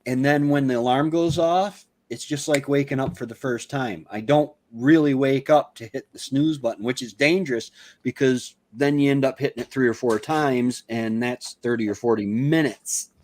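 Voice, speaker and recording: A man chatting casually as a co-host, a relaxed storyteller who laughs at his own stories. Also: mid-range voice, normal speed. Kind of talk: casual chat.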